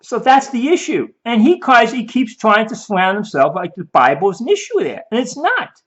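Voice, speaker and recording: A man's voice: extremely high pitch, very animated, normal speed, a bit bright. A man giving rambling, emphatic video commentary, often repeating himself and mock-quoting the people he argues against. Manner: emphatic, repeats and restarts, mock-quotes opponents. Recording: dull lo-fi audio.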